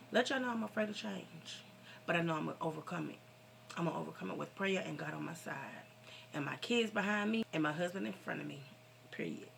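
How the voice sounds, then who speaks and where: Gravelly, bright-voiced woman vlogger venting. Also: on the low side, a little hiss or hum. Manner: preachy, fervent, talks straight to viewers. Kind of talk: casual heartfelt vent to viewers.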